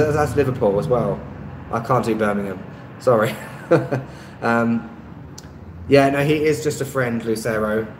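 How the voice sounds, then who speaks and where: A man's voice: medium pitch, roomy sound, noisy background. A man hosting a casual live-stream chat, answering viewers' comments in a rambling, hesitant way with lots of ums and self-deprecating asides. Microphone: phone on a stabilizer.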